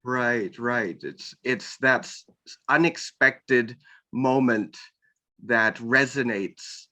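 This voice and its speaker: Slow-talking bright-voiced male interviewer. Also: medium pitch. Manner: slow, searching, many ums and restarts. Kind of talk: casual interview talk.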